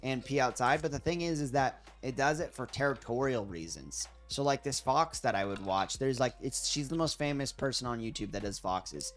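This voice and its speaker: A man co-hosting a casual stream, reacting to videos with slangy, animated chat and quick impressions of the people he watches. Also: soft background music. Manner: animated, slangy, mimics people in high voices. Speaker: stream co-host.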